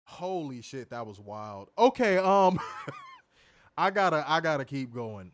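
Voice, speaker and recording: A man co-hosting a casual wrestling review podcast, animated, swearing freely and laughing often. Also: a little high, takes it slowly. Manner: animated, profane, laughs a lot. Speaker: podcast co-host.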